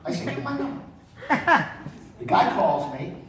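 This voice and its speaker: A middle-aged male comedian tells his stories in an animated way and acts out the people in them. His voice sits high and swings a lot. He is picked up from off-mic in a very echoey room. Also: moderate pace, recorded from a distance, noisy background. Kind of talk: stand-up storytelling.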